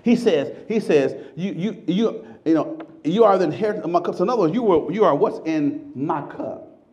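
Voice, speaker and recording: A man preaching a sermon, stumbling over repeated words, then shouting and stretching out scripture lines. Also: high voice, normal speed, lo-fi sound. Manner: animated, shouting scripture with repetitions.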